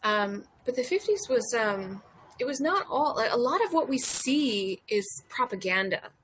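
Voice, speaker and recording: A woman's voice: on the high side, expressive, unhurried, a bit bright, a little hiss or hum. A young American woman streaming a casual chat, a little tipsy, rambling loosely with lots of fillers and swearing. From United States. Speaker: streamer chatting with viewers. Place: porch outdoors.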